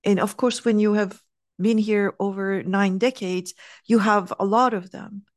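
A middle-aged woman telling a heartfelt personal story, earnest and animated, sometimes dropping to a soft hush. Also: mid-range voice, unhurried, no room sound, clean studio sound. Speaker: speaker sharing a personal story.

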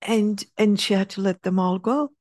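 A middle-aged woman telling a heartfelt personal story, earnest and animated, sometimes dropping to a soft hush. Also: medium pitch, normal speed, no echo, clean studio sound. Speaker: speaker sharing a personal story.

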